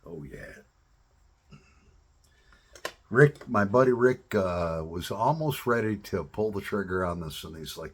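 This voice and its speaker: Slow, husky-voiced man chatting casually. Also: sits low. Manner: relaxed, rambling storytelling with drawn-out pauses. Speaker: pipe-smoking vlogger. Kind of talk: casual chat to camera.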